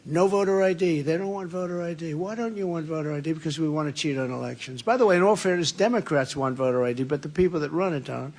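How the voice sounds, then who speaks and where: Brief: political candidate at a rally, gravelly voice, a bit high, rambling and repetitive. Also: male voice. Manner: emphatic, sarcastic asides. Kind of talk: campaign rally speech.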